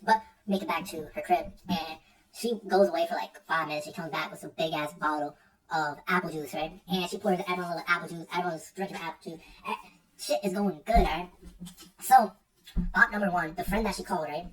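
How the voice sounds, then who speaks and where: A man's voice: fairly high pitch, steady tone, a little fast, a bit bright. A young man telling a casual, rambling story full of slang and swearing, often repeating himself as he goes. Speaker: streamer. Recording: distant mic with faint music.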